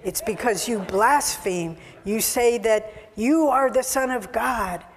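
A woman's voice: a little high, takes it slowly. A woman voicing an angry mob that insistently accuses a preacher, recorded with long hall reverb. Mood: indignant. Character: indignant angry mob of men.

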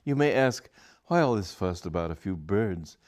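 A man doing a pompous preachy young gentleman. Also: sits low, animated, moderate pace. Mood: theatrical. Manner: theatrical, preachy.

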